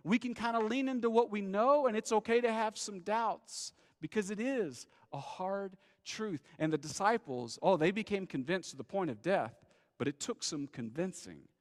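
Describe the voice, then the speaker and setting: A man preaching a sermon as pastor, conversational and animated, acting out the people he talks about. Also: high voice, moderate pace, big-room sound.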